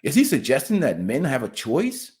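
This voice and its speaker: A man's voice: medium pitch, wildly swooping pitch, moderate pace, a little mellow. A man talking as a guest on a livestream in a rambling, incredulous way. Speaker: co-host guest. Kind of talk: casual chat.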